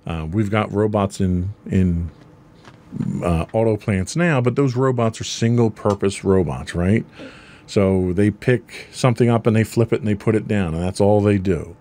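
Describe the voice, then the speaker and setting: A man's voice: lowish voice, normal speed, warm tone. A man co-hosting a podcast, casually explaining ideas with everyday examples and frequent ums. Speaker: podcast co-host.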